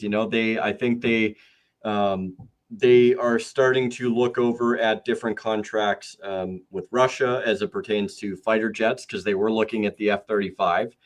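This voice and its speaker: Man, podcast host, lowish voice, rambling, lots of ums and restarts. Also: steady tone, normal speed. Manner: rambling, many fillers and restarts. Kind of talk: casual podcast conversation.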